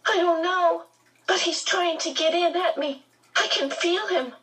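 A small, precocious boy talks in a high, strained voice, as a woman reader plays him. He pushes through his fear with bold, clipped lines. The sound is a touch breathy and set back from the mic. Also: fairly even intonation, a little slow, far from the mic, exaggerated voice, rough recording. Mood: panicked. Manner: high, tense, urgent.

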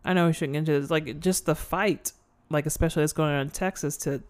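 A woman's voice: low voice, quick pace. A woman co-hosting a podcast, chatting casually about a movie and acting out lines from it. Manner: animated, acts out quotes, laughs often. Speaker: podcast co-host. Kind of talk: casual chat recapping a movie.

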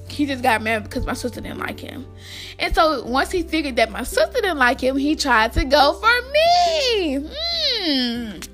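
A young woman spins a storytime for her viewers with a high, bright voice that swoops up and down all the time. She keeps turning to the audience, and she laughs often. Soft music plays faintly underneath. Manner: chatty, addresses viewers directly, laughs often. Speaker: vlogger. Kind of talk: casual storytime vlog.

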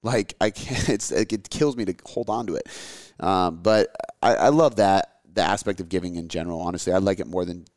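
A man's voice: sits low, fairly quick, darkish tone, no echo, clean studio sound. A man in his thirties chatting casually as a podcast host, rambling and candid, swearing often with lots of fillers. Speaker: podcast host answering listener questions. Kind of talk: casual chat.

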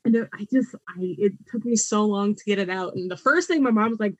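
Animated young woman telling her story. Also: mid-range voice, brisk, dry recording. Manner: animated, laughs often, acts out quoted voices. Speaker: podcast guest, artist. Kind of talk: personal storytelling in a podcast interview.

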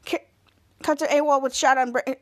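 A woman podcast host giving a casual, halting recap of a TV episode, full of restarts. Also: high-pitched, fairly even intonation. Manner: rambling, halting narration with restarts.

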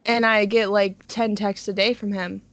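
A woman's voice: mid-range voice, flat delivery, moderate pace, dry recording. A woman in casual chat with friends, making dry, blunt remarks. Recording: dull lo-fi sound.

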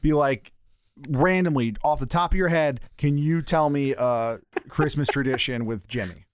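A man's voice: on the high side, moderate pace, smooth, no room sound, studio quality. A man hosting a podcast in casual chat, bossy and full of crude joking banter on the mic. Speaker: podcast host. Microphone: podcast microphone.

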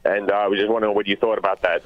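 A man's voice: lowish voice, level tone, very fast. A man calling in to a radio show, giving a long run-on explanation with fillers. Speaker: caller. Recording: lo-fi phone line.

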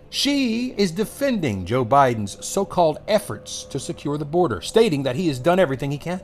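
A man's voice: a little high, very animated, brisk, hardly any pauses. A man hosting a political commentary monologue, scornful and emphatic, repeating words for effect.

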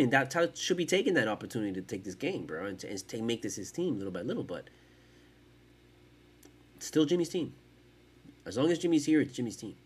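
A man hosting a sports podcast, ranting in casual, profane, animated talk. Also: medium pitch, husky. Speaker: podcast host.

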